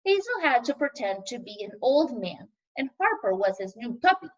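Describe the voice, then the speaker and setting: A woman reads a children's chapter book aloud with playful expression. Her voice is high and lively. The recording sounds slightly dull and lo-fi. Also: normal speed, distant mic. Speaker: storybook reader.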